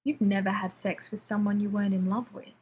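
Woman reading as a low-key male team leader. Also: steady tone, fairly quick, a little mellow, a little hiss or hum, natural voice.

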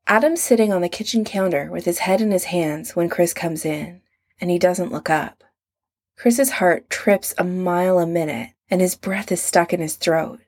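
A woman narrating a story in a measured storytelling manner. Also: on the low side, darkish tone. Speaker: audiobook narrator. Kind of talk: scripted narration.

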